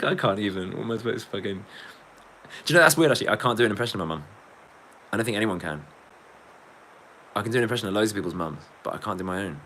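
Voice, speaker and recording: A man's voice: lowish voice, fairly bright tone, a little hiss or hum. Sweary rambling man streaming. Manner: swearing, rambling, laughing often. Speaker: livestreaming musician reading chat. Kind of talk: casual livestream chat.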